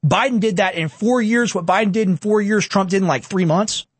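A man's voice: high voice, brisk, husky. A young man in his twenties giving heated, sarcastic political commentary. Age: 20s.

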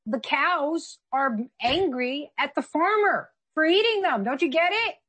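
A woman's voice: high voice, expressive, measured pace, a bit bright. A woman co-hosting a political commentary chat, talking in an emphatic, argumentative way. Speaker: co-host.

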